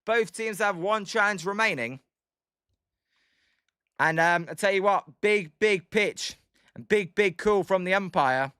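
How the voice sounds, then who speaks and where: A man's voice: high-pitched, measured pace, long pauses, clean tone, no room sound, clean studio sound. A British man doing live play-by-play commentary of a baseball game on his stream, joking and answering viewers in the chat. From Britain. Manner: excitable, jokey, reads out and answers chat viewers.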